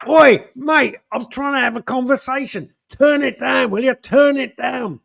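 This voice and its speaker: A man voicing a brash, loud-mouthed man-about-town who barks complaints in a rough London manner. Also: very high-pitched, a little slow, pitched above the performer's own voice, full character voice. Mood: bossy.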